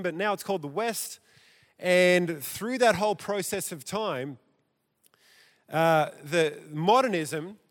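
A man preaching a sermon in a church, theatrical and animated, his loudness rising and dropping. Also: sits high. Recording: echoey church hall.

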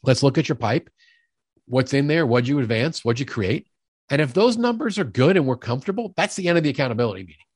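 An energetic middle-aged man explains sales management in an emphatic, conversational way and often slips into acted-out dialogue. His voice is recorded close and dry, with no room sound, and sits at an ordinary male pitch. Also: fast, dry recording. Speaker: sales leadership expert guest. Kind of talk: conversational podcast interview.

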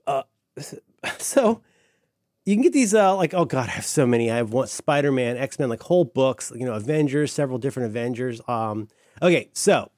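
Animated middle-aged man, dry close sound. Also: medium pitch, dry recording. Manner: enthusiastic, rambling with fillers and restarts. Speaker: podcast co-host. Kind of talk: casual chat.

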